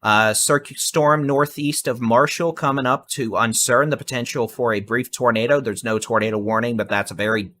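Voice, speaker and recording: A man giving fast, urgent live severe weather warnings and repeating safety instructions. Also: mid-range voice, steady tone, fairly bright tone. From Texas.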